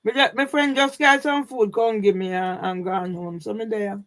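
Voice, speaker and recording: A woman with a Jamaican accent ranting on a live stream, emphatic, often shouting and swearing, with frequent questioning tags. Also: mid-range voice, fairly even intonation, normal speed. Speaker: YouTube livestreamer.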